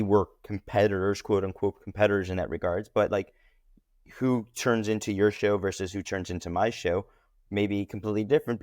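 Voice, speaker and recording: A man speaking as a podcast guest in a casual interview, talking animatedly with lively jumps in pitch. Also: no echo, studio quality.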